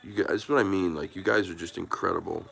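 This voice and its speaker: Gravelly low-voiced man chatting with his live viewers. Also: steady tone, quick pace, a bit bright, a little hiss or hum. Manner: rambling, earnest, often restarts and trails off; reads out and thanks chat viewers by name. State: emotional, moved by viewers. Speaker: YouTube live stream host. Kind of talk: casual live chat with viewers.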